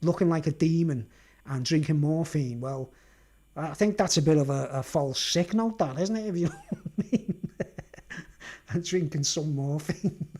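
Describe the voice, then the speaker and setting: A man's voice: fairly high pitch, a little slow, long pauses, a little mellow. A man rambling through a casual rant, laughing often and tagging his sentences with "right?" and "mate". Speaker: video blogger. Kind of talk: casual ranting monologue.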